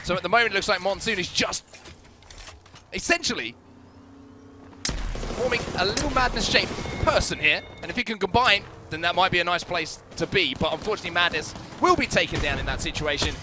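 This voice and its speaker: A man with a British-sounding accent giving play-by-play esports commentary, energetic and rising on big plays. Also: high voice, a little fast, noisy background. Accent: British or Australian English. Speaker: esports caster.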